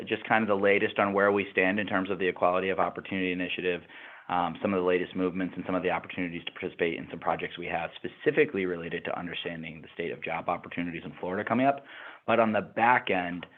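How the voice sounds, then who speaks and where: A quick-talking man hosts an online webinar, chatty and loose with plenty of fillers. His voice sits very low, and it comes through a tinny, phone-like line. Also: fairly even intonation. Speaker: webinar host. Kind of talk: casual presenting on a call.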